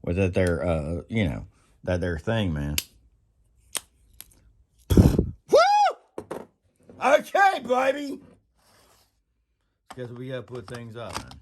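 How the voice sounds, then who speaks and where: A man hosting a casual workbench vlog, rambling and laughing, breaking into sudden high whoops. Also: expressive, moderate pace, background noise. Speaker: channel host. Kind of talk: casual tool-bench vlog.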